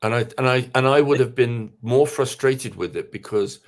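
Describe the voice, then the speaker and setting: A man co-hosting a casual podcast chat, speaking hesitantly, with many halting restarts. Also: medium pitch. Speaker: podcast co-host.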